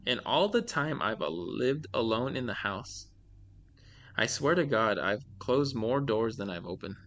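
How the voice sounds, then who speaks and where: Bright-voiced man reading horror stories. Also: medium pitch, very animated, measured pace. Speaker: podcast host. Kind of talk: casual chat and reading short horror stories.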